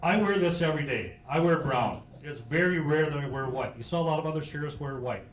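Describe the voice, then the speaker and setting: A man's voice: on the high side, fast talker. A middle-aged man, a county sheriff giving an informal history talk in a meeting hall, folksy and joking, with many fillers. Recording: roomy hall with faint hiss.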